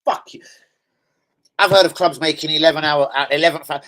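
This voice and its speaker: Man, angry football fan, profane live-stream rant, loud outbursts then low mutters. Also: fast.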